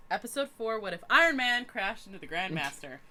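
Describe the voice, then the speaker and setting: A woman's voice: medium pitch, big pitch swings, fairly quick, bright, forceful tone. A woman from Canada co-hosting a podcast, chatting with upbeat enthusiasm. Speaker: podcast co-host and writing teacher. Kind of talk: casual chat.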